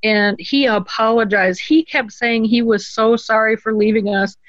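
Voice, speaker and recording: Guest storyteller: woman, middle pitch, earnest and halting, dry and slightly muffled audio. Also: fairly even intonation, dry recording. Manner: earnest, halting, many ums and restarts. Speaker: guest telling a personal story. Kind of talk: conversational storytelling.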